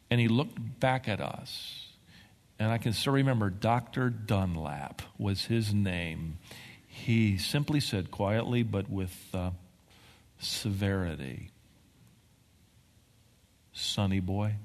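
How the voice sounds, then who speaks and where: A man preaching a sermon as pastor, telling stories with emphatic, animated delivery. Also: fairly low pitch, slow pace, gravelly, big-room sound. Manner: animated storytelling, emphatic swings.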